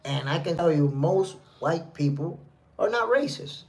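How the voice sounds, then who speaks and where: A man's voice: fairly high pitch, animated, a little slow, vocal fry. A man from New City, hosting a live stream and giving casual commentary while reading the chat, emphatic and repetitive. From New York City. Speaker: livestream host.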